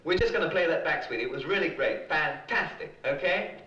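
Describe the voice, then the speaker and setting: An actor playing a glib, hustling pop music manager who talks in trendy slang, in a 1960s film. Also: male voice, a little high, animated, a little fast, background noise, lightly acted. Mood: breezy. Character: slick fast-talking male pop music manager. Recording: muffled old film soundtrack.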